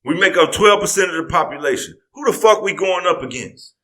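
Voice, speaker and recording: Heated profane man, higher voice. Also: animated, a little fast, pushed and bright. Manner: heated, profane, rising into outbursts. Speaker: podcast co-host. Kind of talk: casual podcast talk.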